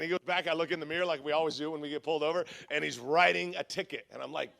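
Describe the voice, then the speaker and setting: A man's voice: fairly high pitch, fast talker, creaky, pushed and bright. A man preaching at a church leadership conference, telling humorous stories and acting out the voices of the people in them. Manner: humorous storytelling with quoted voices. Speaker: pastor. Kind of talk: conference sermon.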